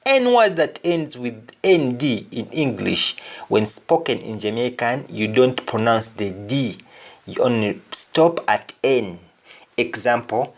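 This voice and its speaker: A man teaching a pronunciation lesson, reading out example words and repeating each one twice in a deliberate, drilling way. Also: medium pitch, lively intonation. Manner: drills each word slowly, saying it twice. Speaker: language teacher.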